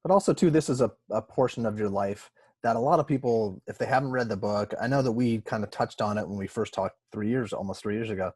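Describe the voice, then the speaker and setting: A man's voice: fairly low pitch, fast talker, husky, no echo. A man from Southern California hosting an interview, asking rambling questions with many restarts. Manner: warm, rambling questions with frequent restarts and laughs. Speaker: podcast host. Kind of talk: casual interview chat.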